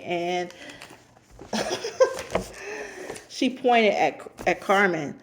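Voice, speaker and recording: A woman casually recapping a reality show episode, chatty and repeating herself for emphasis, and she steers clear of cursing. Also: lowish voice, a little slow, long pauses, a little mellow. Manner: avoids cursing.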